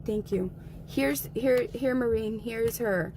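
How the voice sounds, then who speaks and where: A woman's voice: fairly high pitch, slow pace, dark tone, poor audio. Angry, cursing woman venting. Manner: angry, profane, emphatic. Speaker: guest. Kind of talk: heated livestream talk.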